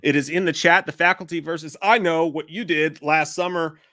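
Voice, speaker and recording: Bright-voiced man hosting a live show. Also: a little high, fairly even intonation, moderate pace, no room sound, studio quality. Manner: loose, profane banter. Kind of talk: casual live-stream chat.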